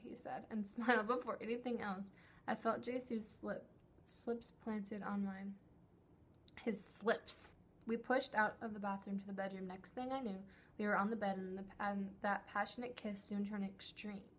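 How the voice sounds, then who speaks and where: A woman's voice: medium pitch, moderate pace. A young woman reading a story aloud and mocking it with sarcastic asides. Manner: sarcastic, breaks off to mock the text. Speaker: comedy vlogger. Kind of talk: mock dramatic reading with commentary.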